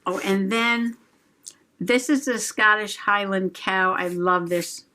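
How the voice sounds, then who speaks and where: A middle-aged woman from the United States talks at an unhurried pace in a rambling, friendly crafting chat. She giggles often and drifts from one thought to the next while she works. Her pitch sits in an ordinary middle range. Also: bright, forceful tone. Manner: chatty, giggly, slow and rambling. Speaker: journaling channel host.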